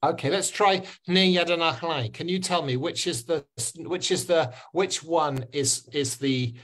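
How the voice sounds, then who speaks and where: A man with a slightly raised pitch teaches pronunciation over a video call. He speaks slowly and patiently, repeating each word again and again. The sound is that of a webinar call. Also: a bit bright.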